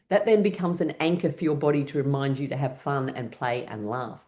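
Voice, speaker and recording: A woman's voice: low-pitched, a little fast, hardly any pauses, darkish tone. A woman leading a guided laughter exercise session as an instructor, playful and coaxing, often breaking into exaggerated laughter. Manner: cheerful, coaxing participants to play along.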